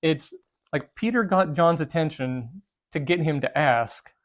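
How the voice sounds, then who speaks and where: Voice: mid-range voice, expressive, unhurried. A co-host of a casual group Bible study who talks animatedly, acts out the quotes, and fills speech with "like.". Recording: slightly dull lo-fi sound.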